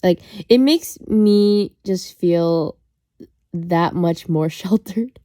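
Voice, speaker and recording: A woman's voice: on the low side, drawn-out words, warm tone. Rambling woman streamer chatting. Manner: rambling, with frequent restarts and filler words; self-conscious, apologetic aside. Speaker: livestream host. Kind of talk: casual chat with stream viewers.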